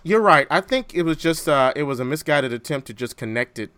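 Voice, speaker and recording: A man hosting a podcast in casual chat, animated and jokey. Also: fairly high pitch, fairly quick, smooth, no room sound. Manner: animated, jokey, quotes lines from films. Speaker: podcast host.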